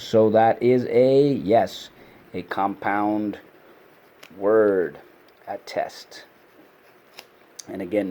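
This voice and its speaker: A man's voice: fairly low pitch, mellow. A man teaching a vocabulary lesson to kids, explaining word meanings and leading call-and-response drills. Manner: explains with many fillers and restarts.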